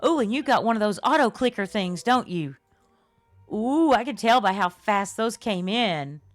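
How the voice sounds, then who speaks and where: A woman's voice: medium pitch, lively intonation, moderate pace, no room sound, faint music behind. An older woman, chatting effusively and laughing often as she streams a game live and thanks her viewers. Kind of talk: live-stream chat while playing.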